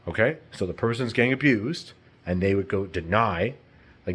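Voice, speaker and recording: A man's voice: fairly low pitch, animated, normal speed, fairly bright tone, husky. A man talking in a rambling, heated, profane unscripted monologue.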